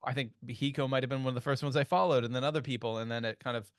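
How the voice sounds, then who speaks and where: Canadian guy hosting a podcast, mid-pitched, dry close mic, rambly and chatty. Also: fairly even intonation, racing, dry recording. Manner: chatty, storytelling, many restarts. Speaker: podcast host. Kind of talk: casual podcast chat.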